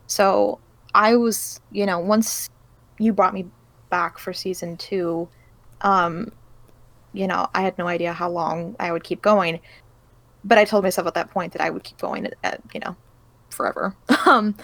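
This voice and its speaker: Female voice actor guest, mid pitch, giggly and hesitant, dry mic. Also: a bit bright, dry recording. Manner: giggly, hesitant with many fillers. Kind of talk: casual interview chat.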